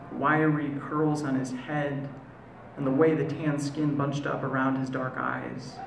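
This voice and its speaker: An American man recites his poem live in a gravelly voice, pausing to let lines land. The room around him is echoey, with a faint hum of ambience underneath. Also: medium pitch. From United States. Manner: measured, deliberate delivery with slow, lingering pauses. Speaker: poet. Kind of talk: spoken word poetry performance. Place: live performance venue.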